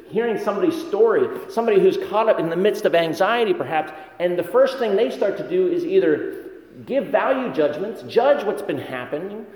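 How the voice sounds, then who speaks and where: A man's voice: sits high, a little mellow. A man preaching a sermon, telling stories in a conversational way with self-deprecating humor. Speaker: pastor. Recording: echoey hall with long reverb.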